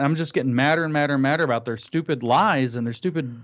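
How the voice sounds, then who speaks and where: A man telling an animated story in casual chat, acting out what others said. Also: medium pitch, fast. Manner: animated storytelling, acts out quotes. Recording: dull lo-fi audio.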